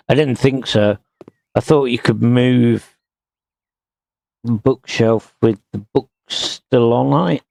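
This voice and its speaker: A man talks his way through a building game at an unhurried crawl, half to himself. His voice has a gravelly edge. The room is dry, with no echo. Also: medium pitch, a little mellow. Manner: slow, muttering to himself while working. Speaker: streamer. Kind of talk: casual gameplay commentary.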